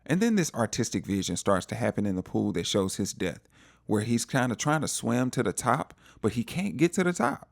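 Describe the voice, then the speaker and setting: A man recapping a TV episode in a casual, animated storytelling way, acting out the characters' lines. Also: medium pitch, normal speed, gravelly, no room sound, studio quality. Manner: animated storytelling, acts out quotes. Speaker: TV recap vlogger.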